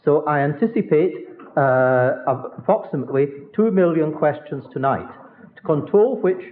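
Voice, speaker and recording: A man's voice: on the high side, expressive, moderate pace. A man chairing a lecture event in a large hall, introducing the next speaker formally with dry humor. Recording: tinny, phone-like old hall recording.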